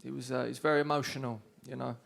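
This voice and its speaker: A man's voice: mid-range voice, flat delivery, very fast, gravelly, slight background noise. A young man with an Essex accent doing a stand-up comedy set, telling cheeky stories with punchlines. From England. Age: young adult. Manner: cheeky storytelling with punchlines, shouted put-on voices. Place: comedy studio stage with live audience.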